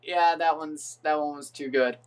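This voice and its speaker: A man's voice: a little high, steady tone, measured pace, clean tone, recorded from a distance. A man chatting casually while hosting a live match watchalong, rambling and reading team lineups aloud. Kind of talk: casual live reaction chat.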